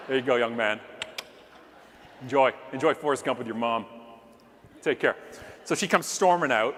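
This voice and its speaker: A middle-aged man from Canada giving a comedic keynote, telling a story animatedly, acting out yelling voices, with jokey asides. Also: medium pitch. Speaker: keynote speaker. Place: large conference hall stage. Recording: long hall reverb, faint room noise.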